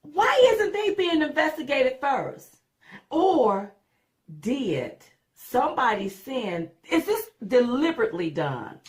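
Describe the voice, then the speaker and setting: A high-voiced woman co-hosts a political talk show. Her pitch jumps around a lot as she repeats words for emphasis and fires off rhetorical questions. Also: very animated, takes it slowly. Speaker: co-host. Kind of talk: political commentary chat.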